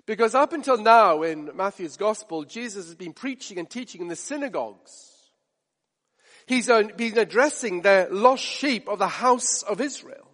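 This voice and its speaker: Male preacher, high voice, emphatic and repetitive, long hall reverb. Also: animated, moderate pace, fairly bright tone. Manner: emphatic, builds stakes with repetition and rhetorical questions. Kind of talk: sermon.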